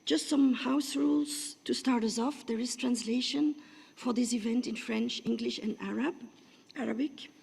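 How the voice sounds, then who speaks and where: Hoarse woman moderating in a reverberant hall. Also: fairly high pitch, moderate pace, a little mellow. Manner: hesitant, with frequent fillers. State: rough, hoarse voice. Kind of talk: opening remarks at a conference side event. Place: large conference room. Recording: long reverb of a large hall.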